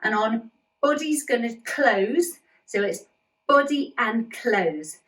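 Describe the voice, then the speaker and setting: A woman with a bright, higher-pitched voice leads a dance tutorial, encouraging and upbeat as she breaks down each move. She chants the lyrics slowly to show where the moves fall. The recording sounds roomy and echoey, and she stands some distance from the mic. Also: sing-song. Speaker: dance instructor.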